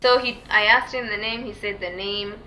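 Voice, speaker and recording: Animated young woman vlogger, bright voice. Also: moderate pace. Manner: animated, acts out quotes with high squeaky voice; many likes and fillers. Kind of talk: casual storytime chat. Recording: dull lo-fi recording.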